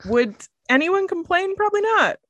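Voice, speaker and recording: A woman's voice: extremely high pitch, moderate pace, no echo, highs cut off. A woman, co-hosting a podcast in casual chat and laughing often as she tells stories. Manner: laughs often, animated storytelling. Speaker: podcast co-host.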